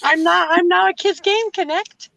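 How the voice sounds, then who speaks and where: A woman's voice: very high voice, normal speed, vocal fry, bright, forceful tone, no room sound, poor audio. A woman co-hosting a casual group video chat, firing off teasing retorts. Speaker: co-host. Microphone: video call.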